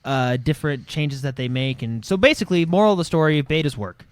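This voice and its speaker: Halting casual man podcaster. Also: on the high side, clear, resonant tone, dry recording. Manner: halting, many fillers and restarts. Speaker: podcast co-host. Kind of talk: casual gaming podcast chat.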